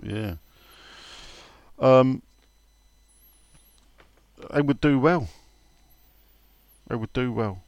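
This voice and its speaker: A man's voice: mid-range voice, very slow, pauses often, a little mellow, dry recording, muffled recording. A man hosting a casual podcast, reading out listener questions and telling funny stories with frequent laughter. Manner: chatty storyteller, laughs often. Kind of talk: casual chat.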